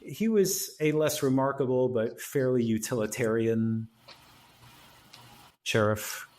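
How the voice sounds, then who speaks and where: Chatty guy on a podcast, mid pitch, rattling off old tv trivia. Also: slow pace, a little mellow. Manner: chatty, recounting trivia with quoted lines. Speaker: podcast co-host. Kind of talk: casual chat about old TV.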